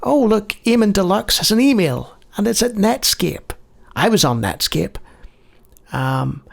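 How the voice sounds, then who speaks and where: A man's voice: high voice, very animated, a little slow, vocal fry. A man playing an old computer game, reading its text aloud and adding dry, wry asides in casual commentary. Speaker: game show host.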